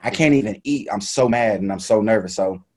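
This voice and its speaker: Low-voiced man telling a story. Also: brisk, crowd noise. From United States. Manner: animated, laughing retelling with quoted voices. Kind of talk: casual storytelling.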